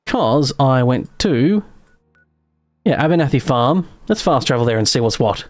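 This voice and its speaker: A man's voice: mid-range voice, expressive, unhurried, dry recording. Dry-sounding man chatting through his gameplay. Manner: chatty, muttering running commentary to himself. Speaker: gaming streamer. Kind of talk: casual live gameplay commentary.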